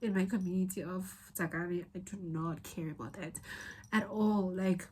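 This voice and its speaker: A woman's voice: fairly low pitch, fairly even intonation, moderate pace, mellow, breathy edge, low-quality recording. A young woman with a South African accent telling a candid, rambling personal story in a vlog, at times tearful. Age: young adult. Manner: candid, rambling, emotional, with many restarts. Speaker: vlogger.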